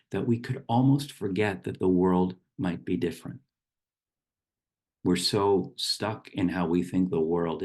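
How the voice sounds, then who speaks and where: A middle-aged man giving a gentle, unhurried reflective talk as a meditation teacher, with small restarts. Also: sits low, creaky.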